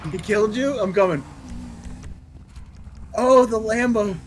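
A young man playing a roleplay game with friends, shouting, joking and swearing. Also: high voice, unhurried. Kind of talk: excited gaming chat. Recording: game noise behind voice.

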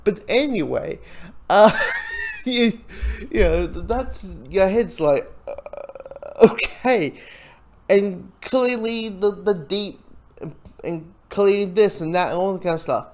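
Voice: mid-range voice, very animated, slow. Rambling casual TV reviewer. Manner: rambling, many restarts, frequent laughs, swears. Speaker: TV episode reviewer.

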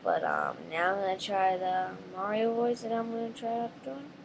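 A young-sounding speaker talking casually in a home video, rambling and halting with many pauses, before trying character voices. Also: female voice, medium pitch, animated, background noise. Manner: rambling, halting, full of ums.

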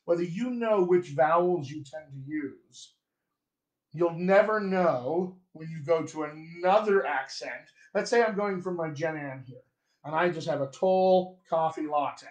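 American dialect coach guy, bit higher voice, talks you through vowels, roomy echo. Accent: General American. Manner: demonstrative, chatty, repeats sample words slowly. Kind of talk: live-streamed accent lesson.

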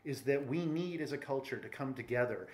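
Film writer guy being interviewed, mid-pitched voice, kinda thoughtful and searching, restarts a lot. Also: animated, a little fast, darkish tone. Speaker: screenwriter and director, guest. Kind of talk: conversational interview.

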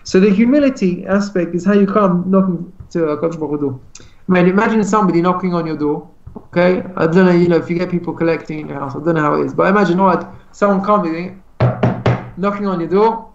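A man teaching an informal Torah class over a video call, fast and animated, acting out little dialogues as he explains. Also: high voice, creaky. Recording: echoey, distant, dull video call audio.

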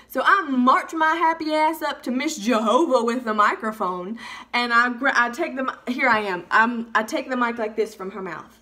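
A young woman vlogger telling a funny storytime, animated and freely swearing. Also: fairly high pitch. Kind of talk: storytime vlog.

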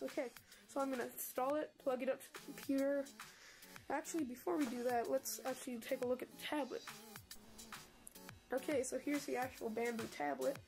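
A woman's voice: high-pitched, vocal fry. A congested young woman casually reviewing a graphics tablet and showing how she draws, chatty and rambling with many fillers. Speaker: product reviewer. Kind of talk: casual product review and drawing demo. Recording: music playing behind the voice.

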